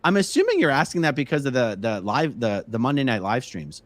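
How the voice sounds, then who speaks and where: Chatty male livestream host, lively pitch. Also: a little fast, no room sound. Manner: chatty, answers viewer questions from the chat. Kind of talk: casual live-stream chat.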